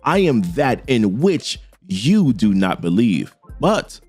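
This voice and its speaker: A man reading a calm, ancient goddess mentor. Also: medium pitch, slow pace, slightly rough, soft background music, voice pushed down, exaggerated voice.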